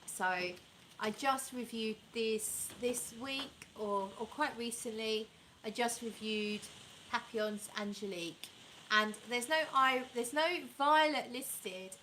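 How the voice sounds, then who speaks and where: A woman's voice: a little high, bright, forceful tone, slight background noise, poor audio. A woman vlogging casually about perfumes, chatty and enthusiastic, rambling and correcting herself as she reads viewer comments. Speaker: fragrance vlogger. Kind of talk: casual chat reviewing perfumes and reading live comments.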